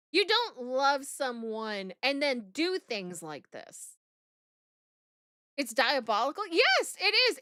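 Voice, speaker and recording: A woman's voice: high voice, sharp tone, no echo, clean studio sound. A woman streaming live, reacting aloud with lots of exclaiming and swearing and talking to her chat.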